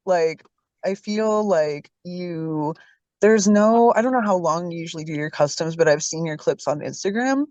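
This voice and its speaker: A woman co-hosting a casual interview, talking in a quick, gushing, goofy way. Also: on the low side, animated, darkish tone, dry recording. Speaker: co-host interviewer. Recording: dull lo-fi mic.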